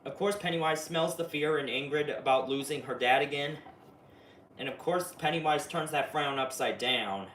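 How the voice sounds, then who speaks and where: A man giving a chatty, excitable spoiler recap of a TV episode, full of fillers and asides. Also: mid-range voice, slight background noise. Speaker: video reviewer. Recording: roomy, distant mic, faint ambience.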